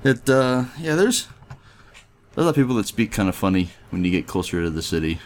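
A man from the Midwest talks as a podcast guest, and his pitch swings a lot as he speaks. He rambles along, filling gaps with "like" and "uh". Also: big pitch swings, fairly quick, a little hiss or hum. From Midwest US, near Chicago. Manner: rambling, heavy use of filler words. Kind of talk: casual chat.

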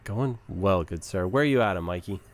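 A man with a Texas drawl hosts a podcast in his low voice. He jokes easily and runs through his ad reads in a loose, offhand way. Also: normal speed, a little hiss or hum. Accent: Southern US, Texas. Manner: joking, easygoing, reads ads loosely. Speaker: podcast host. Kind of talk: casual chat.

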